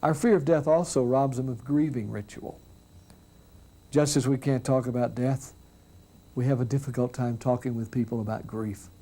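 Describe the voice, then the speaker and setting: A man who works as a minister gives an earnest, reflective talk built on stories. His voice is mellow and dark, at an ordinary middle pitch, and he often lets his lines sink soft and quiet. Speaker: minister speaking on hospice and grief. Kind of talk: storytelling talk.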